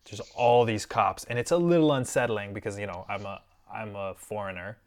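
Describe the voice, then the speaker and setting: A man's voice: lowish voice, brisk. A young man co-hosting a podcast, telling a story in casual chat and acting out other people's lines as he goes. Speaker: podcast co-host.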